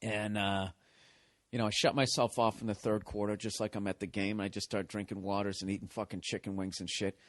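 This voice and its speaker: A man's voice: lowish voice, level tone, a little fast, no room sound. A man who is a comedian and podcast host, telling a story as a casual, profane rant full of swearing, exasperated and correcting himself as he goes. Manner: self-corrects and restarts mid-story.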